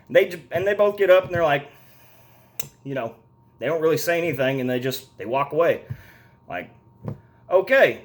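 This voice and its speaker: A man's voice: fairly high pitch, expressive, normal speed, long pauses. A man giving a casual, rambling movie review full of swearing and fillers. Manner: profane, rambling, heavy on fillers.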